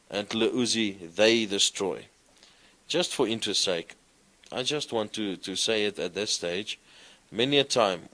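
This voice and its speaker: A man teaching a class, explaining grammar slowly and reciting verb forms in a sing-song way. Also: lowish voice, fairly bright tone. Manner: slow, deliberate, recites conjugations in a sing-song. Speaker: lecturer. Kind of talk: classroom lecture.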